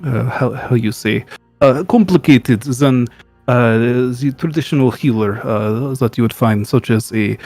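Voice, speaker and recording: A man voicing an eccentric male healer who trusts science, speaking in a put-on Russian accent and pausing to hunt for words. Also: mid-range voice, darkish tone, no room sound, soft background music. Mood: earnest, pedantic. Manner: halting, searching for words.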